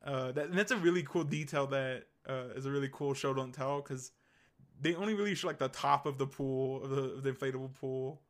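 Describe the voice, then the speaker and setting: A man's voice: medium pitch, brisk. Rambling young man in casual chat. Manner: rambling, filler-heavy, enthusiastic. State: hiccups. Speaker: podcast co-host.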